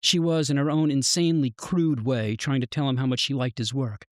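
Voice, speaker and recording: A man reading his own short story aloud in measured, even narration. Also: medium pitch, dry recording, clean studio sound. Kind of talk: literary fiction reading.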